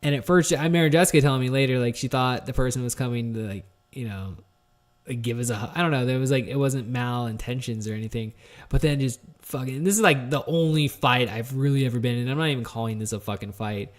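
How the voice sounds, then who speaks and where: A man's voice: medium pitch, quick pace. Rambling, foul-mouthed male podcast host. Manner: rambling, profane, heavy on fillers and restarts; candid and introspective. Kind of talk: solo podcast storytelling.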